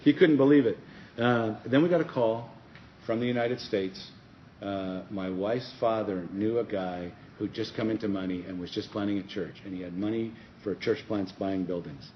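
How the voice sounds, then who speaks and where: A middle-aged man tells a story to a conference session, slipping into the voices of the people in it. His voice sits a little low, and the recording is dull and lo-fi with a faint hiss. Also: normal speed. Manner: animated storyteller acting out dialogue. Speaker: pastor and conference speaker. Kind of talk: conference breakout talk, storytelling. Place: conference room.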